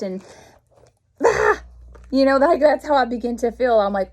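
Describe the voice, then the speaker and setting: A woman's voice: fairly high pitch, normal speed, pauses often. A woman, reading and explaining a Bible passage in a folksy, conversational way. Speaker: Bible teacher. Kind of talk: informal devotional teaching.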